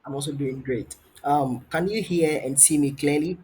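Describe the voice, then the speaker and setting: An encouraging male English tutor on a video call, drawing out a student with steady questions and repeated phrases. His voice has a husky, breathy edge at a middle pitch. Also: moderate pace. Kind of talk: online trial lesson.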